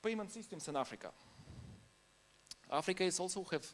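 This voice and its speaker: A man gives a conference talk in non-native English, keeping it informal and anecdotal and laughing now and then between points. His voice sits high, with lively intonation and a brisk pace.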